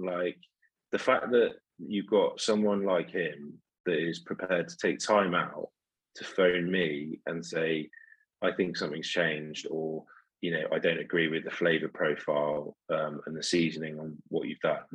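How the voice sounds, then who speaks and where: A man's voice: low voice, steady tone, measured pace, breathy edge, no room sound, rough recording. A man who owns a sausage business, telling a story in an interview with lots of ums and restarts. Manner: rambling, many ums and restarts.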